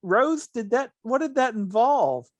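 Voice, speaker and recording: A man's voice: very high voice, expressive, a little slow, dry recording, voice pushed up. A man voicing an older woman asking incredulous questions in a much raised voice.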